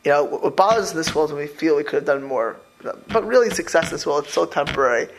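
A man's voice: fairly high pitch, animated, fast talker, vocal fry, background noise. A man giving an informal religious talk to a small group. He rambles with many restarts and mixes Hebrew and Yiddish terms into his speech. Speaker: religious teacher.

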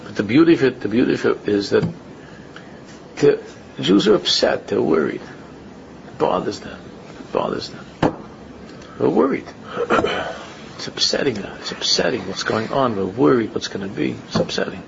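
A religious speaker, male, gives an informal talk in a mid-range, expressive, creaky voice at normal speed. He restates his phrases repetitively and rises into emphatic questions, heard in a muffled lo-fi recording with a noisy background.

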